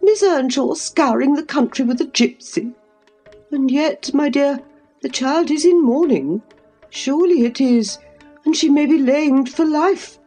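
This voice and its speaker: A woman's voice: high voice, unhurried, dark tone, soft background music, voice pushed up. A woman reading aloud, voicing a fussy, easily shocked elderly lady of the manor. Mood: indignant. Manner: indignant and fussy.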